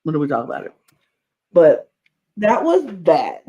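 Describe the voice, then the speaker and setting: A man's voice: fairly high pitch, a little slow, breathy edge, dull audio. A man co-hosting a reality TV podcast, ranting emphatically and repeating himself in casual chat. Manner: animated, emphatic ranting with repetitions. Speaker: podcast co-host.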